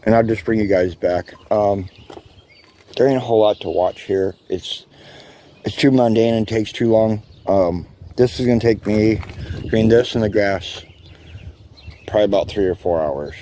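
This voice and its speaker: A man's voice: on the low side, moderate pace, pauses often, a little hiss or hum. A man vlogging outdoors in his yard, chatting casually to his viewers with lots of ums, calling them guys. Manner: relaxed, rambling, addresses viewers as guys, many ums. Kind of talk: casual chat to camera.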